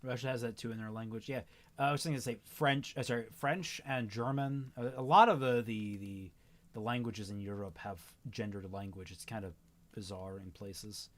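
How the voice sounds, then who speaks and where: A man's voice: lowish voice, fairly even intonation, moderate pace. A man hosting a livestream, casually thinking aloud and tossing out tentative suggestions. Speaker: streamer host.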